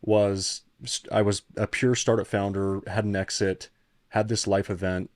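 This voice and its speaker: A man's voice: lowish voice, level tone, measured pace, dry recording, studio quality. A man in his thirties, a podcast guest, telling a personal story in an earnest, reflective way with frequent restarts. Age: 30s. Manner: earnest, reflective, restarts often when moved. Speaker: podcast guest, founder turned CEO coach.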